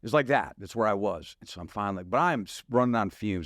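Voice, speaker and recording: A man's voice: lowish voice, fast talker, hardly any pauses, no room sound, studio quality. A middle-aged man from Wisconsin telling his testimony as a pastor, laughing often and acting out conversations. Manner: animated, laughs often, acts out dialogue. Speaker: guest pastor. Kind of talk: storytelling testimony.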